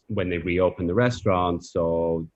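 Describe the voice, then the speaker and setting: A man's voice: low-pitched, steady tone, a little slow, no echo, highs cut off. A man talking as a guest in a podcast interview, thoughtful and reflective, with loose phrasing and fillers. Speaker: coffee professional guest. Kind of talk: casual interview chat.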